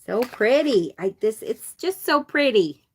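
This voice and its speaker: Her voice is husky and expressive, fairly high and a little slow. The tarot channel host, who has an upstate New York accent, laughs often as she unboxes cards live, chats and reads out what viewers write.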